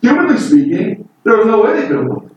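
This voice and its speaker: A man's voice: sits high, big pitch swings, fast talker, a little mellow, muffled recording. A man preaching a Bible sermon in an earnest, emphatic way, voice lifting on key points. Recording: echoey room from far off with faint noise.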